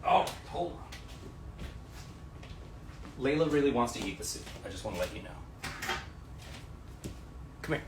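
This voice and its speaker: Rambling, animated man telling stories. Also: medium pitch, measured pace, pauses often, noisy background. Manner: rambling, swearing, many fillers and restarts, acts out quotes. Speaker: livestream host. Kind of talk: casual storytelling on a livestream. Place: room at home.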